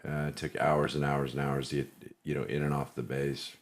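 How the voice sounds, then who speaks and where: Male podcast host, extremely low voice, calm and reflective. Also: a little fast, a little hiss or hum. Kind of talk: casual interview chat.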